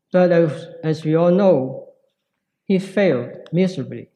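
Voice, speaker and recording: A man preaching a sermon in a slow, reflective way with pauses. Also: sits high, dark tone, low-quality recording.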